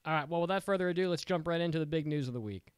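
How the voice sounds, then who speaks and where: A man's voice: on the high side, racing, very noisy. A man hosting a casual podcast, upbeat and joking, rambling with restarts. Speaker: podcast host.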